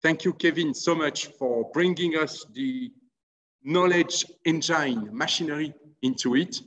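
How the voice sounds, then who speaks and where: A man's voice: fairly high pitch, unhurried, fairly bright tone, in a large hall. A man with a French accent giving a formal announcement at an online event, earnestly repeating his appeals and thanks. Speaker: webinar presenter announcing an alumni fund.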